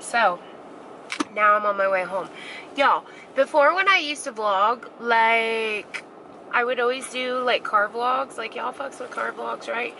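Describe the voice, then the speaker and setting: With background noise around her, a woman whose voice is fairly high records a casual vlog on a handheld camera mic while driving and shopping. She animatedly spills gossip, cursing a lot along the way.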